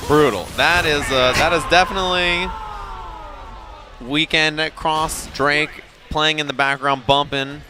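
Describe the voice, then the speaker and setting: A man commentating a live fighting game tournament, joking and excitable. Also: fairly high pitch, slow pace, background noise. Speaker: esports commentator.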